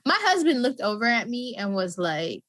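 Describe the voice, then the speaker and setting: A woman's voice: on the high side, moderate pace, dry recording. Chatty woman podcast host. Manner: chatty, animated, laughs often. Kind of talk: casual interview chat.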